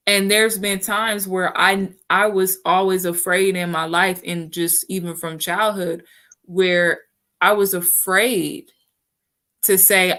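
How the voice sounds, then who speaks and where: A woman's voice: fairly low pitch, fairly even intonation, measured pace, a bit bright. A woman talking frankly in a casual, chatty way, often checking in with the listener. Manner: frank and chatty, often says "you know what I'm saying". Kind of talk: candid casual chat.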